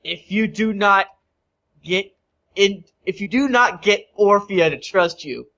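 A man's voice: high-pitched, slow, gravelly, sharp tone, pitched above the performer's own voice, exaggerated voice. A man voicing a lazy, scheming male crime boss who makes crude, blustering threats, on a dull lo-fi recording.

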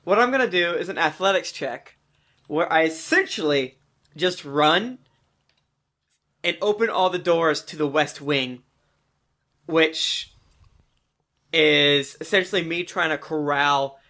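A woman playing a tabletop game, chatting casually with quick joking asides. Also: low-pitched, fairly bright tone. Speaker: player.

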